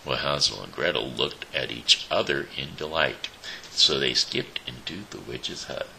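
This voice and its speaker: A man hosting his show, reading a fairy tale aloud slowly, with small slips and restarts. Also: extremely low pitch, vocal fry, sharp tone, slight background noise, rough recording. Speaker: show host reading a story. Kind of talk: storybook reading.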